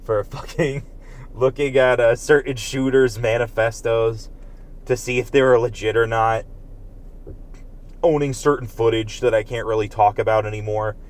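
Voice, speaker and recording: A man's voice: mid-range voice, fairly even intonation, moderate pace. A man delivering a heated, profane political rant as a commentator, emphatic and agitated throughout.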